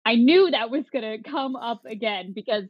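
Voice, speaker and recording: A woman's voice: a little high, expressive, normal speed, breathy edge, dull audio. A woman co-hosting a casual review podcast over a video call, recapping scenes in a chatty way. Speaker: podcast co-host. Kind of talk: casual chat.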